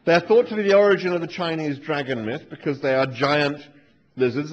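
Dry, wry man with a high voice. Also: brisk. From England. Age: 40s. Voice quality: dry, wry, deadpan asides. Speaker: author giving a live reading. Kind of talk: humorous live talk. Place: lecture hall with an audience. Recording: dull lo-fi live recording with faint noise.

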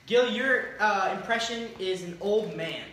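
A woman hosting and judging a casual party game, announcing rounds in a brisk, deadpan way. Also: medium pitch. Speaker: game host and judge. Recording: echoey room, distant mic, background noise.

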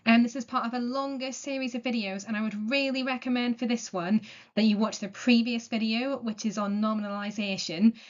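A woman's voice: on the high side, fairly even intonation, brisk. Methodical teacher woman, dull recording. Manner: clear, methodical, encouraging. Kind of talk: explanatory lesson to students. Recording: dull lo-fi sound.

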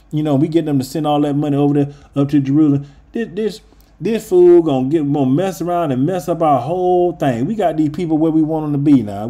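A man's voice: a little high, warm tone, pitched below the performer's own voice, close to an everyday voice. A man voicing a greedy, scheming male temple leader who mocks and plots in slangy, sarcastic talk. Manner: sarcastic, slangy, wheedling then plotting.

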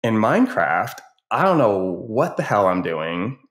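Guest educator, male, lower voice, lively anecdotal storytelling. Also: measured pace. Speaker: educator and youth advocate guest. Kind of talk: casual podcast conversation.

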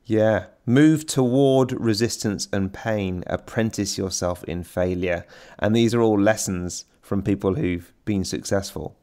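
A man's voice: lowish voice, a little slow, warm tone. A man hosting a podcast in casual conversation, chatty and playful, asking his guest questions. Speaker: podcast host.

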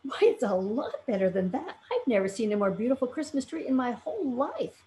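A woman's voice: fairly high pitch, very animated, fairly quick, mellow, slight background noise, pitched above the performer's own voice. A woman voicing an earnest young girl in a storybook reading, with a raised, eager voice.

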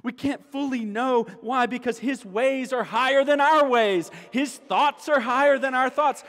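A man with a high voice preaches a sermon at an unhurried pace. He repeats key phrases for emphasis and rises to exclamations, and a long hall echo trails behind his words in the church sanctuary. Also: a bit bright. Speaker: pastor.

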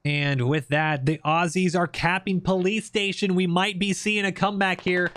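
A man's voice: high voice, moderate pace, no echo. Upbeat man calling gameplay action. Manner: lively, joking play-by-play. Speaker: gameplay commentator. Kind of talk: casting commentary over squad gameplay.

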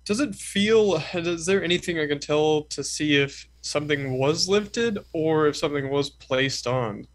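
A man playing a tabletop game, talking casually in a brash, impatient way with quick questions. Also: on the high side. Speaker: player.

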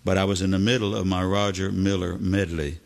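A man's voice: low-pitched, flat delivery, a little fast, creaky. A man, a singer and guitarist hosting a live music stream, telling a story between songs in a folksy, chuckling way. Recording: with loud guitar music behind.

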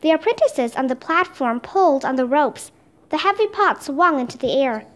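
A woman reads a children's chapter book aloud with steady, expressive narration. Her voice is high and moves through a wide, lively pitch range. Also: normal speed. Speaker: storybook reader.

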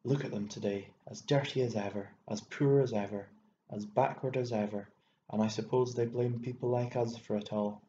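A man with an Irish accent voicing a hot-tempered, bitter old landowner who wheezes and bursts into scornful shouting, on a dull recording with faint hiss. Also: mid-range voice, natural voice.

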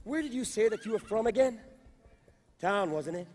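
Brief: a mocking Aussie stockhand, very high voice, sarcastic, echoing live arena. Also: male voice, lively intonation, moderate pace, a little mellow. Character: sneering male station hand Dan, jealous and mocking. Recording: live arena show, long reverb, faint music.

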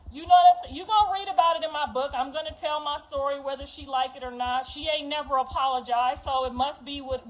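A middle-aged woman, speaking openly to her viewers. Her talk is raw and full of profanity. She swings from low, quiet stretches to loud, heated bursts. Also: poor audio. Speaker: mother speaking out. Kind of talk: emotional monologue to viewers.

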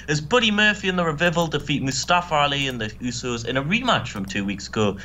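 Animated man with sarcastic banter. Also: on the high side, fast, hardly any pauses, slight background noise. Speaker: co-host. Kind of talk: casual gaming commentary.

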